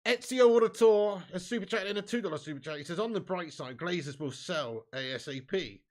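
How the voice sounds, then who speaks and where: This fan watch-along host covers a live football match at a fairly quick clip, excitable and full of swearing as he veers from muttered grumbles to loud shouts.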